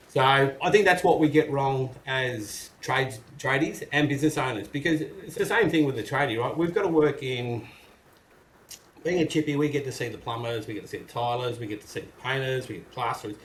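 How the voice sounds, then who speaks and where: A middle-aged Australian carpenter and business owner speaks frankly and casually as an interview guest, in a medium-pitched voice that runs a little fast. He's blokey and acts out what people say in a gruff voice, recorded in an echoey room with faint noise.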